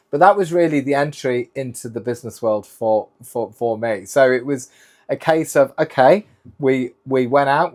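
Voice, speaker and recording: A man's voice: mid-range voice, darkish tone. Middle-aged man telling stories. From United Kingdom. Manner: rambling anecdotal storytelling, strung together with "and then". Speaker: guest, keynote speaker and former sailor. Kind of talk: casual interview storytelling.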